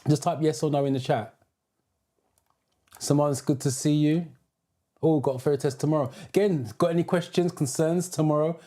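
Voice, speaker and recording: A man's voice: on the high side, steady tone, moderate pace, pauses often, mellow. A British man who teaches driving theory, hosting a live stream: he greets viewers by name, reads out their comments and gives advice.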